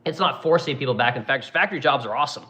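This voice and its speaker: A man's voice: medium pitch, racing, bright, forceful tone, low-quality recording. A man running a livestream as a furniture manufacturer, reading chat comments and ranting bluntly with plenty of profanity.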